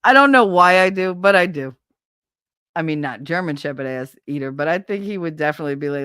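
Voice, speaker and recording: A woman's voice: sits low, big pitch swings, brisk, a bit bright, clear, resonant tone, no echo, clean studio sound. A woman livestreaming on her own channel, chatting casually in a blunt, profane, rambling way. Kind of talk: casual stream chat. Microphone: desk microphone.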